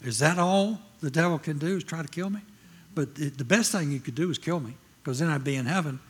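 A man's voice: a little high, a little fast, husky. An older man preaching a sermon, telling a personal story with emphatic, shifting delivery. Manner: emphatic, swings from loud proclaiming to quiet storytelling.

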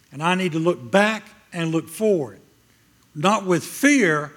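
A man's voice: on the high side, unhurried. An older man preaching a sermon, telling a personal story with emphatic, shifting delivery. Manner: emphatic, swings from loud proclaiming to quiet storytelling.

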